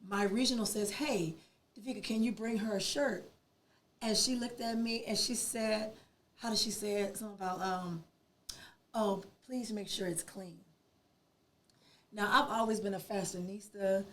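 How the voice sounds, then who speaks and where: A woman's voice: mid-range voice, normal speed, long pauses, slight background noise. Emphatic woman telling her story. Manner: animated, emphatic, acts out quoted dialogue. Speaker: podcast guest. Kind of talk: emotional personal storytelling.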